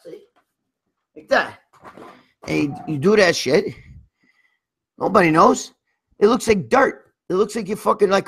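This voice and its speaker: A middle-aged man telling crude stories on a livestream, loose and rambling, with a lot of cursing. His voice sits high for a man and has a husky, raspy edge. He keeps circling back with "you know what I mean?". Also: lively intonation, normal speed, fairly bright tone. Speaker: livestream host reading viewer comments. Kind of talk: crude casual storytelling.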